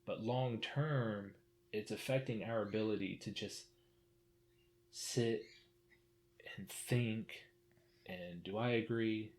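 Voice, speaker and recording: A man's voice: on the low side, steady tone, slow pace, pauses often, darkish tone. A man co-hosting a podcast, chatting casually about a book and telling stories from his own life with lots of fillers. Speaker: podcast co-host.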